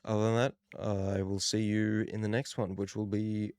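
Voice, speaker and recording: A young Australian man with a relaxed, rambling manner, talking casually while opening trading cards. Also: fairly low pitch, normal speed, clear, resonant tone, no echo, studio quality. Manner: relaxed, rambling, self-deprecating. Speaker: card-opening channel host. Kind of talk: casual card-opening commentary.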